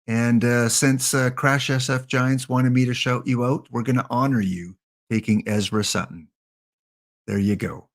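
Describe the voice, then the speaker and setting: A man's voice: mid-range voice, steady tone, a little slow, gravelly. A man streaming a baseball sim game, chatting casually, joking and thanking viewers as he plays. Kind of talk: casual live-stream chat while playing.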